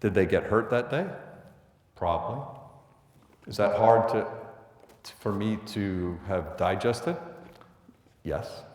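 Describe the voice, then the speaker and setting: A man's voice: fairly low pitch, slow pace, long pauses, darkish tone. A middle-aged man from the Bronx with a New York accent, telling a blunt, conversational story to students as a police lieutenant and acting out the orders he gave. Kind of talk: storytelling talk to an audience. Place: school hall. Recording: echoey hall, from a distance.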